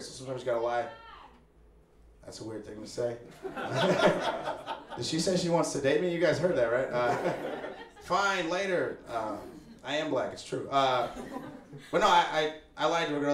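Here a young man from Chicago, speaking at normal speed with medium pitch, delivers easygoing, ironic stand-up and mimics the characters he describes. The audience sits in a small apartment living room, and the spacious live recording carries laughter over a noisy background.

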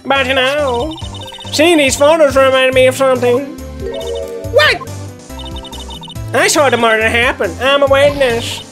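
A woman's voice: high-pitched, unhurried, pauses often, fairly bright tone, faint music behind, pitched above the performer's own voice. A woman voicing a brash, cheeky female photographer with a put-on Southern US drawl, folksy and sassy.

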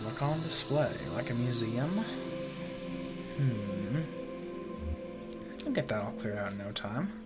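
Playful, lively-voiced man gaming with music. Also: medium pitch, takes it slowly, pauses often. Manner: playful, chatty, reacts aloud, swears and jokes. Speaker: let's play gamer. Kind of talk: playthrough commentary and reading game text aloud. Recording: game music playing under the voice. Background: game music.

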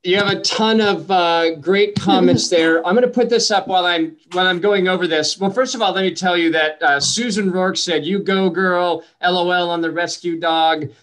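A man's voice: high-pitched, fairly even intonation, moderate pace, hardly any pauses, a bit bright. A middle-aged man hosting a comedy show over a video call, chatty and rambling, with wry self-deprecating asides. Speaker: show host. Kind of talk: casual hosting banter.

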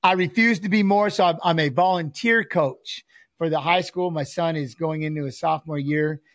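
Middle-aged guy chatting on a podcast, kinda high voice, dry studio sound, acts out what his kid said. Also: moderate pace, a bit bright, no echo. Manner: storytelling, acts out quotes of his son and himself. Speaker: guest, former fighter; volunteer high school coach. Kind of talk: casual podcast chat.

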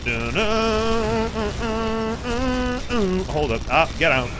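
A man's voice: high voice, takes it slowly, over music. A young man streaming a game, chatting and reacting with yelps and laughs. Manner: excitable, swings into loud yelps and laughs. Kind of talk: gaming stream commentary.

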